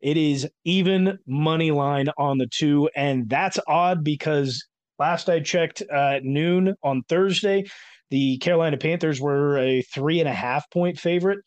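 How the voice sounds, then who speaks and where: A man's voice: on the high side, unhurried, no echo. A man hosting a casual sports podcast, chatty and rambling, with many filler words. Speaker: podcast host.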